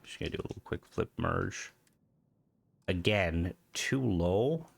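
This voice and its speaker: A man's voice: low voice, lively intonation, unhurried, gravelly, slightly rough. Nasal, stuffy-voiced man. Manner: rambling, thinking aloud with restarts. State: stuffy from hay fever. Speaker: gaming video host. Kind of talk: casual gameplay commentary.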